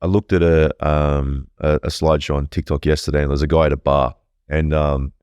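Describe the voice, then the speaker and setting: A man's voice: very deep voice, level tone, brisk, a little mellow, clear, resonant tone, no room sound, studio quality. A man speaking bluntly and earnestly as a podcast guest, swearing freely in casual interview talk.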